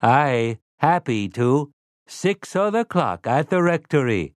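A man's voice: mid-range voice, big pitch swings, takes it slowly, no room sound, clean studio sound, pitched above the performer's own voice. A man voicing a smug, overly polite male robot servant who speaks in formal, courtly phrasing. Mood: smug politeness.

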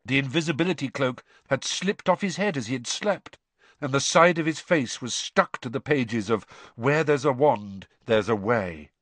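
An audiobook narrator giving a dramatic, expressive scripted reading of a story. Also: mid-range voice, moderate pace, no room sound.

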